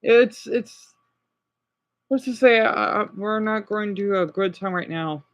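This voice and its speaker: A man's voice: high-pitched, slow pace. A man livestreaming and chatting with his viewers in a rambling, upset way, with many restarts and apologies. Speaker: livestreamer reacting to videos.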